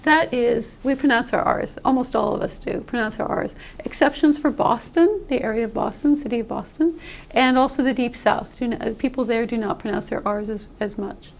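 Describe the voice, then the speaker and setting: A woman with a high, gravelly voice teaches pronunciation. She explains patiently and says sample sounds aloud for learners to copy. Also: normal speed, a little hiss or hum. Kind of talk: classroom-style explanation.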